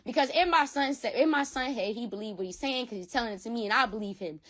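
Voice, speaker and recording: A woman's voice: on the high side, quick pace, fairly bright tone. A woman guest retelling a personal dispute bluntly, swearing freely and repeating herself. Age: adult with a school-age son. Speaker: interview guest.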